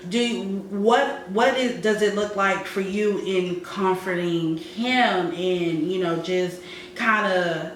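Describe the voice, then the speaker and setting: A very slow-paced co-host who listens closely, keeps affirming the other speaker, and asks careful questions. The voice sits well back from the mic in a very echoey room, with a faint hiss. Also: mid-range voice, fairly bright tone, recorded from a distance. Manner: attentive, frequent affirmations. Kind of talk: casual discussion.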